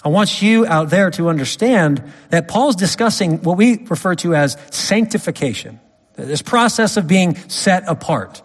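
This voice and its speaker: A man preaching a sermon, emphatic, swinging from loud stresses to quiet drops. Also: sits high, lively intonation, normal speed. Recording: long hall reverb.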